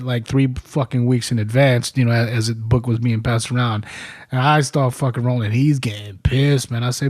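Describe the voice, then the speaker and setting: Male podcast host, animated profane storyteller, dry studio sound. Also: medium pitch, moderate pace, no room sound. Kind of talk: casual chat.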